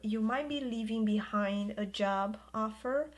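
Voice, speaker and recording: A woman tarot reader gives an intuitive reading in a soft, soothing way, drawing out her reassuring words. Her voice is medium-pitched and unhurried.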